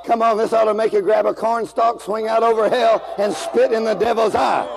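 A man preaching a fiery revival sermon to a congregation, shouting and calling for responses. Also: high voice, steady tone, brisk, gravelly, a crowd in the background, low-quality recording. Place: church with congregation.

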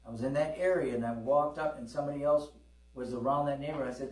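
A man's voice: mid-range voice, fast, a little mellow, recorded from a distance. A middle-aged man preaching a sermon to a congregation, telling stories in a conversational way and calling out to the people listening. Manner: conversational storytelling, with calls to the congregation. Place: church hall with congregation. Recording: echoey hall, preacher away from the mic.

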